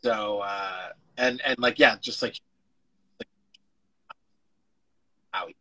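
Man rambling bright on a call. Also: lowish voice, takes it slowly, rough recording. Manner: rambling, self-interrupting, casual swearing. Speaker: actor guest. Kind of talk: casual interview chat.

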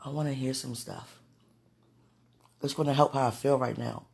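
Woman with a gravelly voice, giggly and gushing, for casual vlog talk and prayer. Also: extremely low pitch, steady tone, moderate pace, a little mellow. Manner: giggly, gushing, breathless exclamations.

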